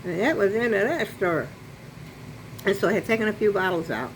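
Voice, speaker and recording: In her apartment, an older woman talks to her selfie-stick phone camera, chattily wandering through a story and breaking off for restarts and asides. Her medium-pitched voice is expressive and fast, and the recording is rough with slight background noise.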